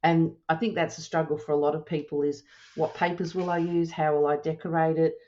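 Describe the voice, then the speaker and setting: A woman with a notably low voice talks through a craft project step by step. She is relaxed and chatty, pausing with ums and correcting herself as she goes. The recording sounds a little dull and lo-fi. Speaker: crafting tutorial host. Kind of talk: casual step-by-step demonstration.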